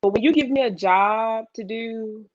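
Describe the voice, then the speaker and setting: A woman guest in a casual chat, telling an animated story and acting out her own past lines. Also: on the high side, unhurried, dry recording, lo-fi sound.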